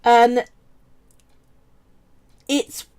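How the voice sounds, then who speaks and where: A woman's voice: extremely slow, a little mellow. A woman with a Cockney accent from East London, chatting casually during a live stream as she sculpts and wanders off on tangents while answering viewers. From England. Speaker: polymer clay artist streaming live.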